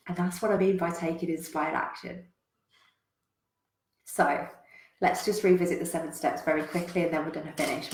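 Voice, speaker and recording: Emphatic, swearing woman coach in an echoey room. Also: fairly low pitch. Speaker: business coach. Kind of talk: motivational talk with a parable. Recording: roomy echo.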